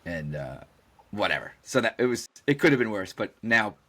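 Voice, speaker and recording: A man with a fairly low voice tells a long story in loose podcast chat. He jumps into the voices of the people he quotes and curses without a second thought. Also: moderate pace. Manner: animated storyteller who acts out quoted dialogue and swears freely. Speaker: podcast co-host.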